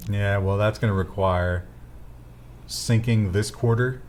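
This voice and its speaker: Lowish man hosting tech news, wry. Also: fairly even intonation, measured pace, darkish tone, slight background noise. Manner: dry, wry asides. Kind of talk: casual news chat.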